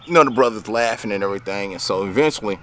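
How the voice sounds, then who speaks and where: Low-voiced rambling man. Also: lively intonation, rapid-fire, fairly bright tone, slight background noise. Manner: rambling, laughs often, many fillers. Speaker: lawn care business owner. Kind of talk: casual storytelling to camera.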